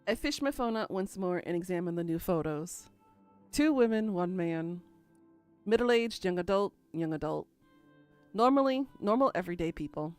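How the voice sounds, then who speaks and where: A woman's voice: fairly low pitch, lively intonation, moderate pace, darkish tone, clean tone, faint music behind. A woman narrating a first-person story in a dry, musing, inward way.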